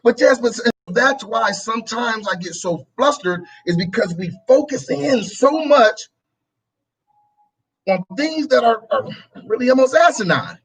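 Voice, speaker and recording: A man's voice: extremely high pitch, animated, measured pace, slightly rough, low-quality recording. A male talk show host delivering a preachy political commentary monologue, repeating his phrases and acting out both sides of an argument.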